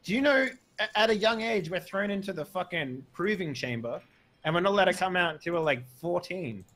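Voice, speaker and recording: Man, high voice, swooping delivery, crude, boisterous, voice chat. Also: lively intonation, brisk, a bit bright. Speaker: streamer playing online poker. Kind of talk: casual gaming chat with friends.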